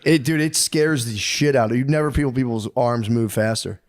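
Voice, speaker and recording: A man's voice: mid-range voice, brisk. A man in his thirties co-hosting a podcast, telling crude stories in a casual chat and laughing often. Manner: crude, laughing, animated storytelling. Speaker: podcast co-host.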